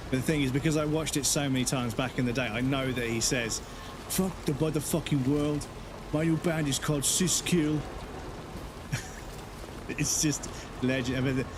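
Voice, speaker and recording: A man's voice: mid-range voice, background noise. A man live-streaming a video game, chatting casually and rambling through stories, swearing often and laughing as he talks. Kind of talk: casual live-stream chat while gaming. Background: game music.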